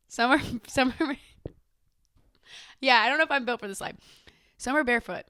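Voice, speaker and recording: A woman's voice: high voice, measured pace, pushed and bright, clear, resonant tone, no echo, studio quality. A young adult woman hosting her own podcast, talking casually in a sassy, chatty way and swearing freely. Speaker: podcast host. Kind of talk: casual chat.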